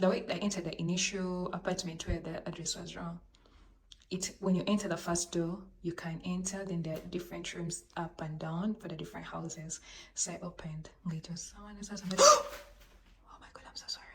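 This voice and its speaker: A woman tells a storytime to her viewers, animated and dramatic, holding a phone that sits a little away from her mouth. The room around her rings with echo, and a faint hiss runs underneath. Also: fairly low pitch, recorded from a distance. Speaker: vlogger telling a story. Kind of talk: casual storytime vlog. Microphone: handheld phone. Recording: roomy echo, voice off-mic, faint background noise.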